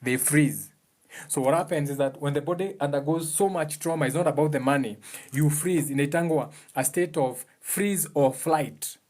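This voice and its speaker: A man's voice: a little high, moderate pace, darkish tone. Earnest Kenyan man explaining. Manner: earnest and explanatory, with pointed repetition. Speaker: speaker giving advice on emotions. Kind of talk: casual motivational talk.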